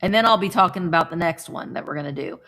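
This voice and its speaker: A woman's voice: lowish voice, fast talker, a bit bright. A woman hosting a live vintage sale, chatting casually with playful, rambling asides. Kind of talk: casual live-stream selling chat.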